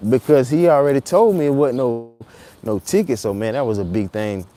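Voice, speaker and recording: A vlogger with a mid-range voice tells a story live, speaking a little fast while walking city streets in the rain, recorded on a phone. He acts out quotes loudly in an animated way, then muses quietly.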